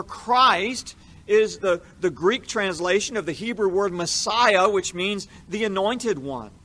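A man giving a measured, explanatory Bible teaching, leaning into the verses he quotes. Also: high voice, bright, forceful tone.

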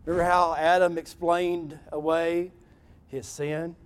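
A man preaching a sermon in an animated, wry way, acting out scripture scenes. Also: on the high side, measured pace, clear, resonant tone.

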